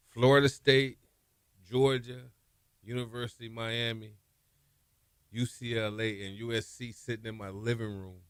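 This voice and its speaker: A man, a former quarterback, telling stories in a radio interview, relaxed and trailing off softly. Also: lowish voice, clear, resonant tone, no room sound, clean studio sound. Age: 50s. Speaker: former college quarterback guest. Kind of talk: interview storytelling. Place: radio studio.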